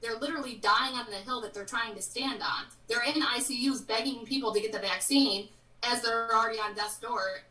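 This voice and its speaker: A woman's voice: fairly high pitch, fairly quick, sharp tone. A woman in her thirties, a guest on a casual live-stream interview, speaking frankly and with strong opinions. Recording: roomy, distant from the mic.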